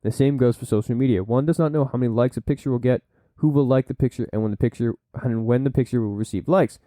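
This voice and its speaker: A man's voice: medium pitch, fast talker, mellow, dry recording. A man hosting a solo podcast, reading from sources and breaking off into blunt asides and silly put-on voices. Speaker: podcast host.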